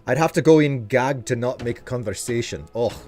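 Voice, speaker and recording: A man streaming a game live, chatting and joking as he reacts out loud to what happens in it. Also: mid-range voice, fairly quick, faint music behind. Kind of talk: live gameplay commentary.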